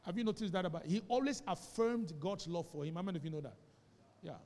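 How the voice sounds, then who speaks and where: Pastor, man, Nigerian English accent, high voice, preaching with big swings from hushed to shouted, church hall echo. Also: expressive, quick pace. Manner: preaching with call-and-response, swinging between quiet asides and shouts. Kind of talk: sermon.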